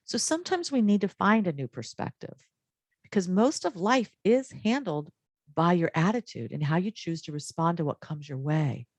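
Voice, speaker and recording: A woman presenting a wellness training talk to healthcare workers in a calm, measured, encouraging way. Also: on the low side, no echo.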